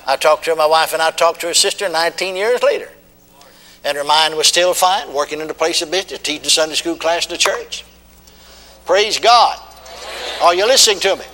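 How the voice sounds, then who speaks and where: Older male preacher, high and bright, emphatic sermon delivery in a reverberant hall. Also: a little fast, a little hiss or hum. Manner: emphatic, repetitive, leads call-and-response. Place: church.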